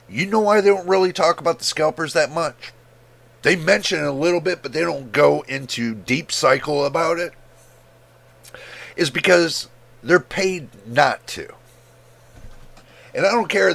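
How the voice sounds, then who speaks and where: He hosts a tech livestream as a reviewer, and his voice is on the high side, gravelly and a bit bright. The talk is a casual rant, heated and emphatic, with words repeated for stress and an occasional cough.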